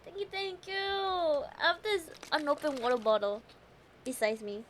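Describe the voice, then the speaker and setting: A woman's voice: sits high, moderate pace, background noise. A woman streaming a game live, giggling, yelping at scares, taunting enemies and chatting with viewers. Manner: giggly and excitable, frequent laughter and yelps; taunts enemies and swears when startled.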